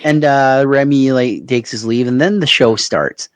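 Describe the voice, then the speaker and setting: A man's voice: mid-range voice, measured pace, no room sound. A man with a Canadian Maritimes accent, co-hosting a podcast and telling a long, rambling anecdote in casual chat, often laughing at his own story. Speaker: podcast co-host.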